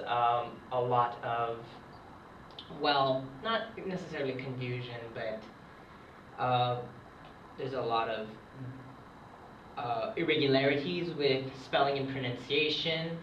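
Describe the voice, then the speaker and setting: Young male hobbyist teacher at a whiteboard, slow and halting, roomy dull far-off camera sound. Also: mid-range voice, a little hiss or hum. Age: young adult. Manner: hesitant, many ums, slow and unhurried. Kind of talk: casual whiteboard lesson. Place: room, writing at a board. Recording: echoey, distant, dull lo-fi camera audio.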